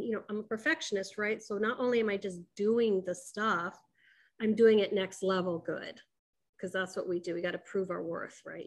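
A middle-aged woman shares a personal spiritual story in a candid, emphatic way. Her voice sits at an ordinary middle pitch. She slips in plenty of casual fillers and acts out quoted dialogue as she talks. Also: low-quality recording.

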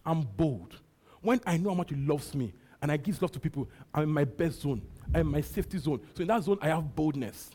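Husky-voiced Nigerian preacher man. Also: a little high, lively intonation, brisk, dark tone. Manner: repetitive preaching with frequent hallelujahs. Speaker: pastor. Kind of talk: sermon.

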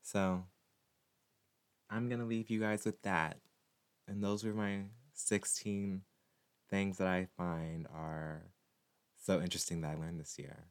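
Deep-voiced man in a loose vlog ramble. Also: slow, pauses often, clean tone. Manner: animated, teasing, rambling with many restarts. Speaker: vlogger. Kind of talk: casual monologue to camera.

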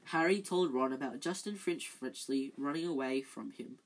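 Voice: mid-range voice, normal speed, poor audio. A reader narrating a children's novel, stumbling over words and correcting themselves. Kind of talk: amateur audiobook reading.

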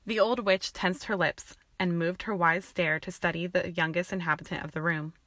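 A woman narrating a fan-fiction audiobook with an even, steady reading. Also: fairly low pitch, moderate pace, no echo.

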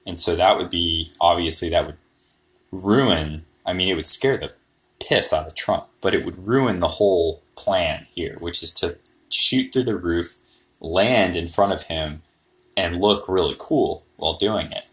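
A man's voice: sits low, measured pace, a bit bright. A man hosting a podcast, rambling and thinking aloud in a casual monologue. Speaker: podcast host.

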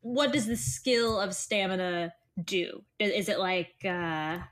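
Woman GM, wry and upbeat, mid-pitched, keeps the group moving. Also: slow. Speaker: game master. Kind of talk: casual chat setting up a tabletop game.

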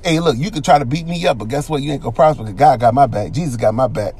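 A man's voice: mid-range voice, fast talker, a little mellow, slightly rough. A man giving an informal sermon in an earnest, conversational way, with slang and lots of repetition. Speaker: preacher.

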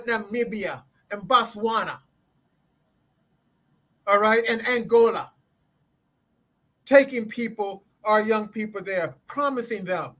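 Emphatic interview guest, man, high voice, preaching cadence. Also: a bit bright, rough recording. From United States. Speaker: guest scholar. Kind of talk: impassioned interview talk. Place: Orlando.

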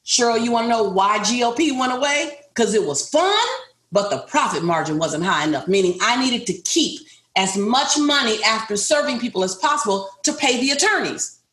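A woman's voice: a little high, lively intonation, normal speed, a bit bright. Emphatic middle-aged woman telling a story. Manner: emphatic, repetitive, addresses listeners directly. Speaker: business owner speaking to a group. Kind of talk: motivational storytelling. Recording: roomy echo.

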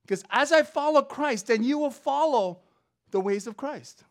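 A woman preaching a sermon with a slightly high voice. She drops into quiet, chatty asides, then climbs into loud, emphatic stretches of preaching. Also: animated, normal speed. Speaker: professor.

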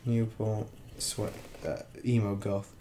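Man, podcast co-host, casual and animated, laughs often, corrects himself mid-sentence. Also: on the low side, slow. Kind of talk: casual chat.

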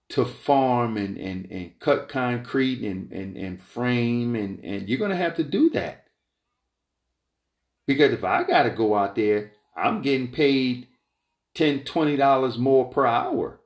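A man with a gravelly, mid-pitched voice rants through a rambling, emphatic monologue. He repeats himself and strays onto tangents, and his voice shoots upward when he gets worked up. The recording is roomy, with a clear echo. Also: expressive, takes it slowly. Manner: emphatic, repetitive, goes off on tangents; voice climbs high when heated. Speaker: entrepreneur vlogger.

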